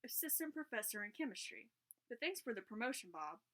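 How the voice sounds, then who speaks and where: A woman's voice: on the high side, big pitch swings, fairly quick, a bit bright. A woman reading aloud, voicing a large, bearded, good-natured male professor in a storybook.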